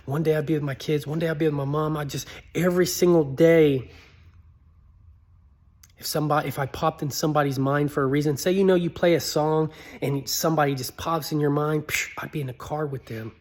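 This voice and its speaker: A man telling a personal story in an earnest, pleading way, his voice climbing high when he begs. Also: steady tone, normal speed, a little mellow. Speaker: motivational speaker.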